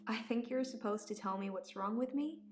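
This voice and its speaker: An actress with an American accent playing a young woman patient in a video game, calmly matter-of-fact about her strange blackouts. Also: fairly high pitch, fairly quick, roomy sound, lightly acted.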